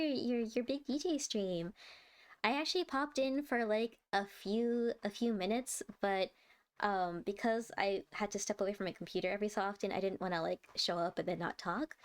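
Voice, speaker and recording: Streamer type: chatty, giggly American woman, slightly high voice. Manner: chatty, giggly, reads chat aloud. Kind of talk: casual livestream chat.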